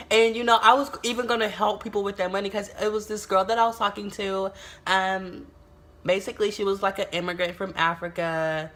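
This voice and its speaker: A young adult woman from the United States tells a storytime vlog in a casual, animated way, swearing often and exclaiming a lot. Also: mid-range voice, normal speed. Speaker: YouTuber.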